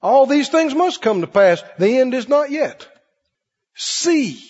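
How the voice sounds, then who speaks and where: A man preaching a sermon in an animated way, slipping into mocking put-on voices. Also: very high voice, moderate pace. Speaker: pastor. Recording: dull recording in a reverberant hall.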